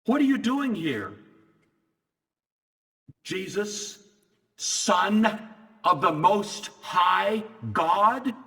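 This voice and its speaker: A man voicing a hostile, shrieking male demon who protests loudly, in a sermon. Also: very animated, drawn-out words, pauses often, in a large hall, full character voice. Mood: challenging. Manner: high, loud, indignant protest.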